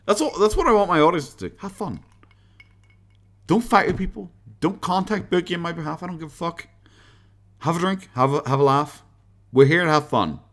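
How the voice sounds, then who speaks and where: A man's voice: on the high side, a little fast, pauses often, a bit bright. An Irish man chatting casually to his livestream audience. He swears freely and laughs often, and he leans in and out of his desk microphone. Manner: profane, laughs often, talks to chat. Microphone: desk microphone, leaning in and out.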